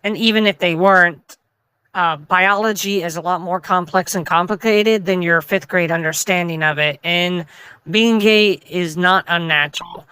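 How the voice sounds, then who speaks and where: Bright, chatty woman reacting to memes. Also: on the low side, smooth, no echo, low-quality recording. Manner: chatty, opinionated, reads memes aloud in quick voices. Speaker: meme reaction host. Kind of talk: casual meme reaction commentary.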